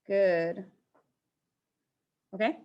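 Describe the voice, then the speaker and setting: A woman's voice: medium pitch, drawn-out words, clean tone, lo-fi sound. Playful, teasing woman math teacher. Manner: playful, teasing, mock-dramatic. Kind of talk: classroom teaching, in person and online.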